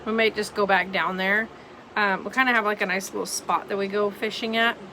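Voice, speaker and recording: A woman's voice: mid-range voice, steady tone, a little fast, sharp tone, a little hiss or hum, rough recording. A tired, yawning woman vlogging casually from home, rambling with lots of ums. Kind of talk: casual vlog chat.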